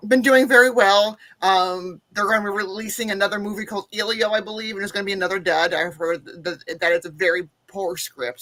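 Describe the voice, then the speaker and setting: A woman's voice: on the low side, fairly bright tone. A woman co-hosting a podcast, giving emphatic and earnest opinions in casual discussion. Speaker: podcast co-host.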